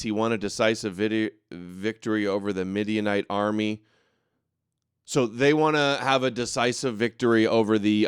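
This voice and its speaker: A man with a mid-range, clean-toned voice hosts a casual political commentary livestream in studio quality with no room sound. He's sarcastic and mocking, reading out viewer comments and ranting indignantly.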